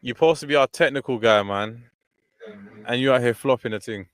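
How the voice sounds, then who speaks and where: A man's voice: mid-range voice, fairly quick. A man co-hosting a podcast, teasing and playfully bossing his co-host around in casual banter. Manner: teasing, playful, bossy urging.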